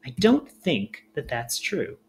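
This is a wise male crow from a storybook, spoken by a man in a dry, flat, unhurried voice. He is blunt but loyal. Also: a little high, creaky, husky, exaggerated voice.

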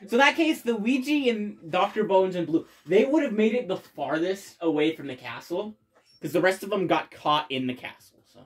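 A let's play host giving excitable game commentary with loud bursts of cheering and frequent swearing. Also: medium pitch, normal speed. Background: faint game music.

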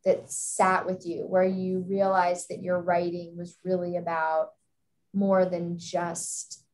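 A woman moderating a panel discussion. She asks long, considered questions and pauses to find her wording. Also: on the low side, flat delivery, darkish tone, a little hiss or hum, low-quality recording. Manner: thoughtful, searching for words.

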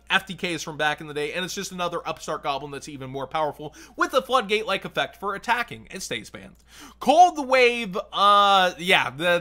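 A man hosting a card game channel, giving quick blunt verdicts in casual commentary while his voice is going. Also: high-pitched, bright, forceful tone. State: losing his voice.

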